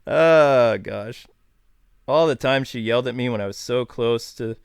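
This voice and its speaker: A man's voice: medium pitch, big pitch swings, slow, clear, resonant tone, no echo, clean studio sound. A man in his thirties from New York, hosting a casual live stream and chatting in a rambling, self-deprecating, jokey way. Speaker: streamer host.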